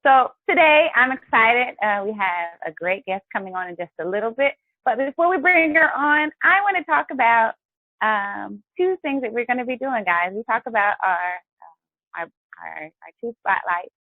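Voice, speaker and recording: A woman's voice: a little high, lively intonation, moderate pace, bright, forceful tone, no room sound, low-quality recording. A woman hosting a live health and wellness show, chatty and encouraging as she talks to her viewers. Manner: chatty and encouraging, often addresses viewers as guys. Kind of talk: upbeat live-stream talk.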